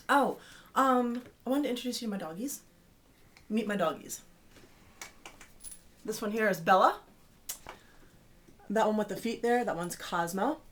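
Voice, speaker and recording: A woman's voice: mid-range voice, a bit bright. A woman in her thirties hosting a casual video newsletter for her fans, chatty and playful with teasing asides.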